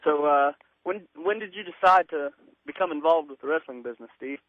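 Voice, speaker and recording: A man's voice: a little high, fairly quick, no room sound. A man co-hosting a radio interview, asking brief, direct questions. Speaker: radio co-host. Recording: tinny phone-like radio audio.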